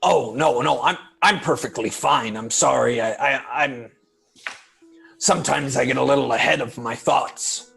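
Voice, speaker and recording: Slow gravelly-voiced man playing a tabletop game. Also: mid-range voice, a bit bright, faint music behind. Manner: slow, halting, rambling. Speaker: player. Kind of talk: in-character tabletop play.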